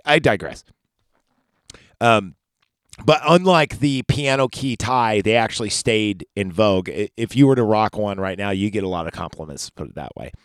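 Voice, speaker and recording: A man with a lowish voice hosts a casual podcast, walking through a film scene by scene. He talks in a loose, digressive way, full of fillers and cursing. The sound is dry and close, with no room in it. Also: dry recording. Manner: rambling, digressive and profane; laid-back, chatty with frequent fillers. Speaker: podcast host. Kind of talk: casual movie recap podcast.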